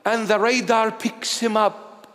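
A man's voice: high-pitched, slow pace. A man preaching a sermon in a church, telling stories with humorous asides. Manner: animated storytelling with humorous asides. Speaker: bishop, preacher. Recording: long church reverb.

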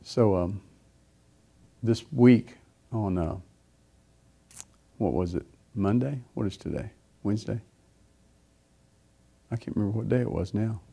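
A man's voice: fairly low pitch, unhurried, gravelly, long pauses, warm tone, slightly rough. A middle-aged man preaching, telling a personal story in a rambling way with many fillers and restarts. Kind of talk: sermon testimony.

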